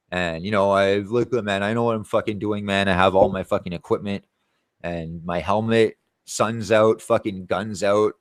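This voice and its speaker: A man with a deep, low-set voice talks straight to camera in a casual vlog. He rambles and brags, dropping curses into nearly every line. The sound is dry and close, with no room around it. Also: no room sound. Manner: profane, boastful, rambling. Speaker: tree-cutting contractor.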